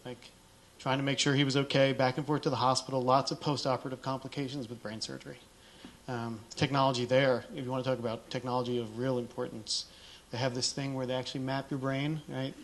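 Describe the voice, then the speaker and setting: A man's voice: medium pitch, little pitch movement, fast. A middle-aged man speaking on a conference stage, telling a candid personal story in a casual way and acting out the dialogue he quotes.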